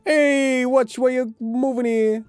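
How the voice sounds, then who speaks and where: Dude doing a boston tough guy yelling at you, real high and pushy. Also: fairly even intonation, slow, clean tone, dry recording, soft background music. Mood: aggressive. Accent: put-on Boston. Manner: shouty, confrontational.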